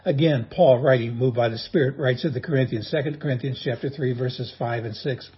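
A man's voice: mid-range voice, brisk, husky, lo-fi sound. A man preaching a sermon as a pastor, in a folksy, humorous storytelling manner.

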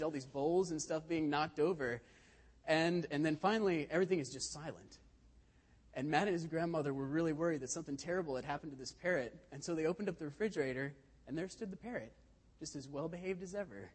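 Male lay preacher, conversational sermon, husky, churchy hall reverb. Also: a little high, a little fast, darkish tone. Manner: conversational storytelling with frequent restarts. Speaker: lay speaker.

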